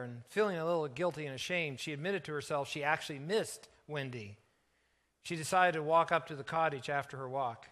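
A middle-aged man preaching as a pastor, telling a story earnestly and softening for its emotional moments. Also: fairly high pitch. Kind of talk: sermon storytelling.

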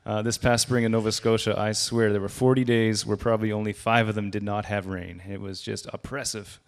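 A man's voice: fairly low pitch, level tone, brisk, creaky. A man giving a sermon as a guest preacher, speaking conversationally and raising his voice for quoted lines.

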